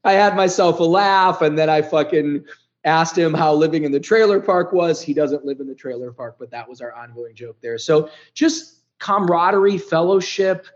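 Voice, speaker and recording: A man's voice: on the high side, normal speed. Middle-aged male podcast guest, blunt, profane storyteller, dull muffled recording. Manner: blunt, profane and animated, swings loud and soft. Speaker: podcast guest, business founder. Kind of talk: candid storytelling.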